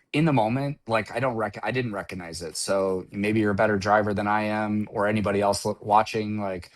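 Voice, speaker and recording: Middle-aged man guest, low voice, rambling storyteller, casual chat. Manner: rambling, restarts often, storytelling. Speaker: guest driver. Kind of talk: casual conversation.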